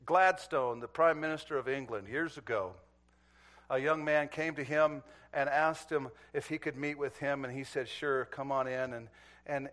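A male preacher in a middle-pitched voice, spinning a folksy tale for his congregation. He chuckles now and then as he talks and calls his listeners folks. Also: a bit bright. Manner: folksy, chuckling storyteller who addresses the crowd as folks. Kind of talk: sermon with a folksy story.

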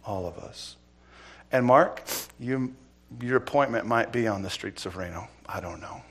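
Middle-aged male preacher, former cop, dramatic storyteller with loud-to-hushed delivery. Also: lowish voice, normal speed, breathy edge. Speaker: preacher, former police officer. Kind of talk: sermon with personal story.

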